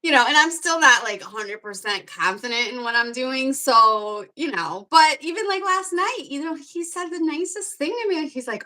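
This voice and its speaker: A woman's voice: high-pitched, sing-song, normal speed, few pauses, pushed and bright. A woman guest on a livestream, chatting casually in a rambling way and laughing often. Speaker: guest, beauty creator. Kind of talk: casual live chat.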